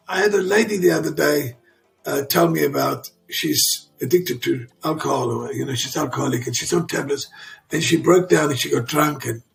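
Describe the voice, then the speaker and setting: A man's voice: fairly high pitch, creaky. A man in his sixties, an interview guest, telling personal stories emphatically and repeating himself for weight. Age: 60s. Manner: emphatic and repetitive, restarts sentences. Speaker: interview guest, father of a champion. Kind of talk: emotional storytelling in conversation.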